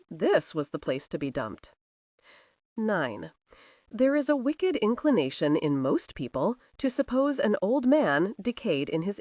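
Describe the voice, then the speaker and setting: A woman narrating a historical romance audiobook with expressive scripted storytelling. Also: on the low side, dry recording, clean studio sound.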